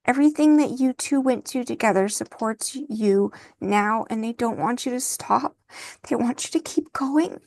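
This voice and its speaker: Soft-spoken emotional woman reading tarot. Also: fairly high pitch, moderate pace, no room sound. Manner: soft-spoken, emotional, thinking aloud with fillers. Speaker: tarot reader.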